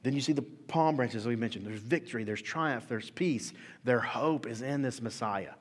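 A man preaching a sermon as pastor, in an animated, conversational way, acting out quotes. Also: medium pitch, moderate pace, breathy edge, in a large hall.

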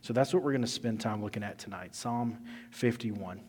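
Man, pastor, conversational sermon, low voice, long hall reverb. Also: normal speed. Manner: conversational storytelling preaching, varies loudness for emphasis. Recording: echoey hall.

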